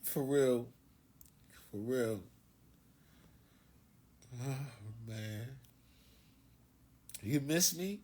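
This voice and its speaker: A man's voice: medium pitch, lively intonation, extremely slow, pauses often, a little mellow. A man with a Philadelphia accent talking loosely and profanely to viewers on a phone livestream, swaggering and preachy. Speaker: livestream host. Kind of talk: casual livestream monologue.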